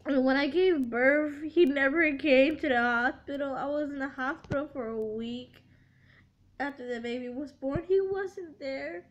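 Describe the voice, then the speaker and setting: High-voiced young woman, slow tearful confession. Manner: halting and repetitive, with many restarts and fillers; tearful, heartfelt. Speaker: vlogger. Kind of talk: emotional storytime confession. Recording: dull lo-fi recording.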